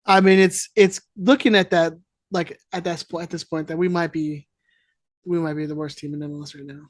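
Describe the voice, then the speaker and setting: Deadpan man co-hosting a podcast. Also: on the high side, fairly quick, dry recording, clean studio sound. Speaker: podcast co-host. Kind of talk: casual chat.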